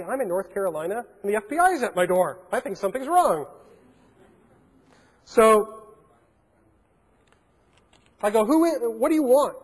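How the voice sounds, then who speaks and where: A man giving a keynote talk, telling a story and acting out the dialogue in a large conference hall. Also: high voice. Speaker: keynote speaker.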